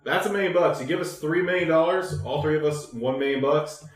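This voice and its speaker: A man's voice: a little high, brisk, crowd noise. A man co-hosting a podcast in casual chat, crude and joking and swearing a lot. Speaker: podcast co-host. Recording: roomy echo.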